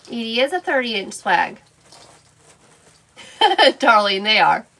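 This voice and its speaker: A woman's voice: fairly high pitch, big pitch swings, slow pace, creaky, pushed and bright. A woman hosting a live crafting stream, chatting playfully and bantering with viewers in the chat while she works. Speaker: craft livestream host.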